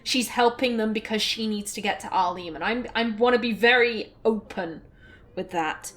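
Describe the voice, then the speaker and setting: A woman's voice: fairly high pitch, moderate pace, a bit bright. A woman hosting a let's play, chatting through the game in a casual, rambling way with plenty of fillers.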